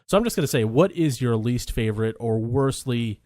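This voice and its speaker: A man's voice: mid-range voice, animated, fairly quick, a little mellow, no room sound, clean studio sound. A man co-hosting a podcast in casual movie chat, rambling and profane. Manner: rambling, profane, many restarts. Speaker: podcast co-host.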